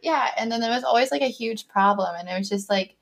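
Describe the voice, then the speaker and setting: A young woman with a fairly high, gravelly voice chats quickly and casually, stringing her story together with constant "like" fillers. She acts out little snippets of what people said, keeping things loose and conversational.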